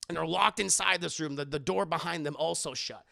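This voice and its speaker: A young man with a gravelly, bright and high-set voice, retelling a film to his chat. He speaks into a close mic in a dry room. He breaks into a different voice for each character, and he swears freely. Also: fairly quick, no echo. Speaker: streamer reviewing a movie. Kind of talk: animated retelling to a live chat.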